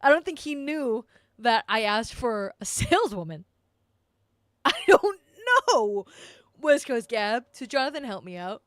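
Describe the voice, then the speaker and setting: Woman streamer, casual storytelling, animated and profane, exasperated, dry close sound. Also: a little high, unhurried, no room sound. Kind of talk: casual storytelling to a live chat.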